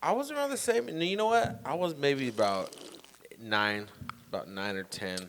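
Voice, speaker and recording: A man from California co-hosting a podcast who talks in a laid-back, quieter way, mostly chiming in. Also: mid-range voice, expressive, normal speed, slight background noise. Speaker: podcast co-host. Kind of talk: casual chat.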